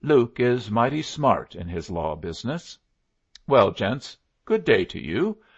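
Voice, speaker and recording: A man reading as a frontier lawman, a plainspoken man with a gravelly, husky voice. His pitch rises and falls freely. The recording is dull and lo-fi. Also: big pitch swings, slow, heavily acted. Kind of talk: audiobook character voice.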